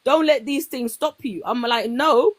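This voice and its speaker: A young woman with a fairly high voice talks in a casual, lively way. She tells her own stories and acts out the voices of the people in them. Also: unhurried. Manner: animated storytelling, acts out quoted voices. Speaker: guest. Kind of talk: casual chat.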